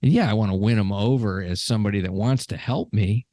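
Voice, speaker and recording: A man with a fairly low voice talks in a loose, rambling podcast chat, stopping and restarting his sentences. The sound is dry and close, with no room around it. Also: fast, warm tone, no room sound. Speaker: podcast host. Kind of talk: casual conversation.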